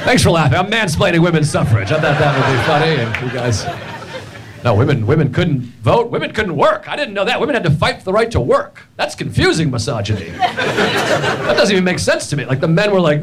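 A man performing a stand-up comedy set with deadpan, animated storytelling. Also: high-pitched, moderate pace, over a noisy crowd. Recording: loud background noise. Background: audience laughter.

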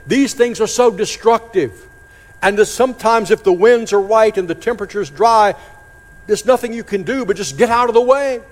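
A man preaching a sermon, dramatic, slowing and dropping to a hush on key phrases. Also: high voice. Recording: long hall reverb.

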